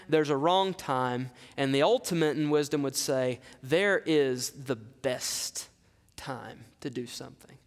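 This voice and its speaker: A man pastor preaching a sermon, animated, firing rhetorical questions at the congregation in a church sanctuary. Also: a little high. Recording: long reverb from a large hall.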